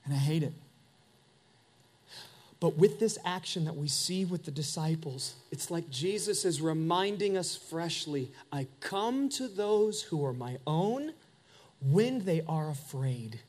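A man's voice: a little high, animated, unhurried, darkish tone. Man, middle-aged, pastor, sermon, earnest, confessional, emphatic peaks.

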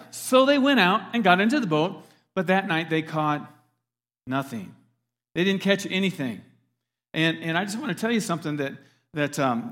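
Man, pastor, sermon, conversational, emphatic, audience questions, slightly high voice. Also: a bit bright.

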